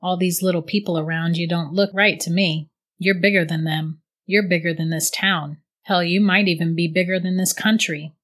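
Woman reading as a low, gruff male tempter. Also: steady tone, moderate pace, fairly bright tone, close to an everyday voice. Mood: coaxing. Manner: coaxing, persuasive. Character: tall smooth-talking male tempter, devil's recruiter.

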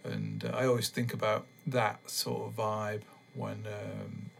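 Gravelly, relaxed male podcast host. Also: lowish voice, unhurried, slight background noise. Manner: relaxed and meandering, many ums. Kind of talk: casual rambling monologue.

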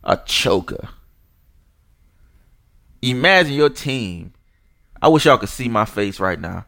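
A young man vents on his podcast in a slow, seething rant. His pitch swings widely between low grumbles and sharp outbursts, and the dry, close sound puts every curse right in your ear. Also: lively intonation, gravelly, no room sound. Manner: furious, disgusted, swearing, mocking. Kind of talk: angry profane rant.

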